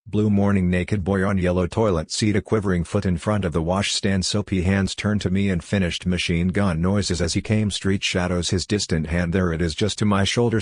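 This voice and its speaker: Deep-voiced man reading deadpan. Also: dry recording, studio quality. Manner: slow, deadpan, fragmented recitation. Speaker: author reading his own fiction. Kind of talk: audiobook reading of literary fiction.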